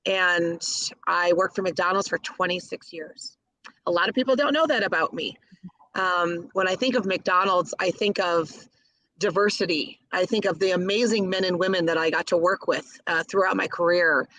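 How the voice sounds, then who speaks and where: A woman's voice: fairly low pitch, normal speed, a bit bright, no echo, rough recording. A middle-aged woman from the Chicago area, a caterer, telling stories in an interview with gushing enthusiasm. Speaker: guest, caterer. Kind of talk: interview storytelling.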